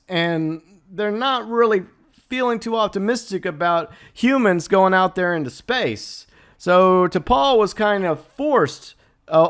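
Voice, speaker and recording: Chatty opinionated man ranking show characters. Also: mid-range voice. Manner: chatty, opinionated, many fillers and asides. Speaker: channel host. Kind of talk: casual ranking commentary.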